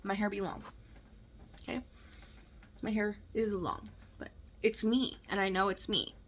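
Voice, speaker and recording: Slow, emphatic woman telling a story. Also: mid-range voice, fairly even intonation, slightly rough. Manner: emphatic, conversational, checks in with "okay?" and "right?". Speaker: vlogger. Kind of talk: personal storytelling to camera.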